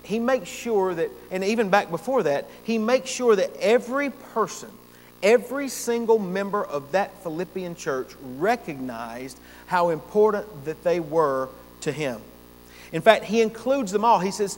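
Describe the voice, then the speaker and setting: A man's voice: sits high, expressive, normal speed. A man preaching a sermon as pastor, earnest and emphatic, repeating phrases for stress. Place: church sanctuary. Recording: long church reverb, faint hum.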